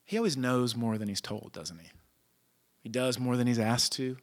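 A man preaching a sermon, retelling stories in animated, casual, slang-filled speech. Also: mid-range voice, normal speed. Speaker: pastor.

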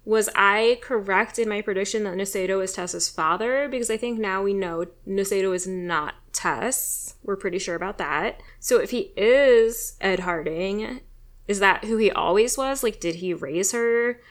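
A woman co-hosting a podcast, chatting casually and firing off many questions with animated, joking energy. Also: mid-range voice, moderate pace. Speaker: podcast co-host. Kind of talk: casual chat.

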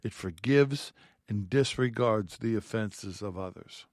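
A man's voice: lowish voice, unhurried, no echo, studio quality. A man giving a heartfelt radio Bible teaching, reading scripture aloud and speaking earnestly.

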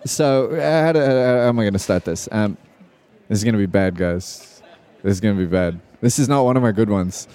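A man's voice: lowish voice, fairly quick, warm tone. An Australian man hosting a live podcast panel, talking in a hesitant way with many fillers. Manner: hesitant, lots of ums and restarts. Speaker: podcast host. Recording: live show at a pen expo, audience.

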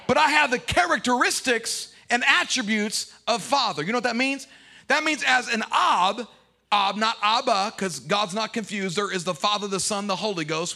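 A man preaching a sermon as bishop at a church service, shouting and singing phrases, calling for responses from the congregation and joking between points. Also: sits high, vocal fry. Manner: playful joking asides. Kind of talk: sermon with sung refrains. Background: music playing.

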